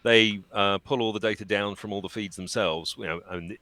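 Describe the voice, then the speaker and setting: A man chatting casually as a guest, relaxed and self-deprecating, laughing easily. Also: lowish voice, moderate pace, dry recording. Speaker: guest voice actor. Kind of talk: casual chat.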